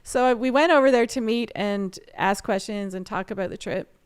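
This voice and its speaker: Smooth-voiced woman telling her story. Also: mid-range voice, moderate pace. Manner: animated storyteller, laughs often. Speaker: guest artist and photographer. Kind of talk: casual storytelling interview.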